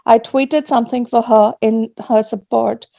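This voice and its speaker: A woman speaking earnestly and with emotion at an online rally, pausing as she is moved. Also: on the high side, steady tone, vocal fry, mellow, no echo. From Australia. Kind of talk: emotional public statement. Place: home at night. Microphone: video call. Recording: muffled video-call audio.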